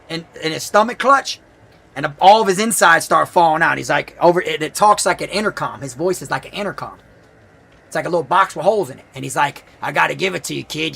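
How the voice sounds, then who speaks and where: A man's voice: fairly high pitch, vocal fry, sharp tone, slightly rough. A man streaming a horror game, rambling through movie plots in loose, slangy storytelling full of restarts. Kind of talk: casual gaming stream chat.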